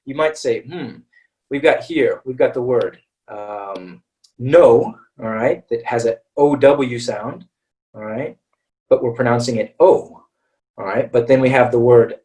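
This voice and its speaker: A man's voice: mid-range voice, unhurried, warm tone, recorded from a distance, poor audio. An American man teaching English in a live webinar, talking in a chatty way and often checking in with "all right" and "okay".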